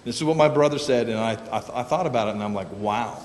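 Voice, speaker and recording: A man's voice: mid-range voice, fast, long reverb tail, a little hiss or hum. A man preaching a casual sermon in a church sanctuary, telling folksy stories with joking asides. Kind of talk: conversational sermon.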